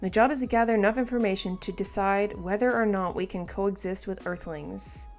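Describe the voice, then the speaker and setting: A woman reading aloud the calm, measured lines of an earnest young alien man, in a voice close to her own. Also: mid-range voice, faint music behind, natural voice.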